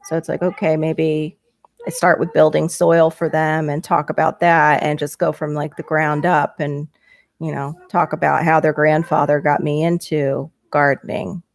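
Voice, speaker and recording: A woman's voice: low voice, normal speed, vocal fry, no echo, studio quality. Chatty woman on a headset mic. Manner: chatty, laughs often, voice jumps up when excited. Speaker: livestream host reading viewer chat. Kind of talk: casual livestream chat. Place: small home bedroom.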